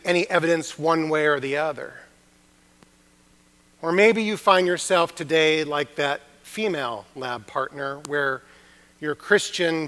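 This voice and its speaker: A man preaching a chapel sermon, telling a story earnestly with emphatic pauses. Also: a little high, pushed and bright. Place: university chapel. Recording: long reverb of a chapel.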